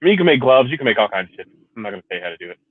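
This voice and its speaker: A man's voice: medium pitch, sing-song, rapid-fire, dry recording. A man who is a Marine veteran hosting a casual livestream, rambling and swearing freely, laughing often. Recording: tinny phone-like sound.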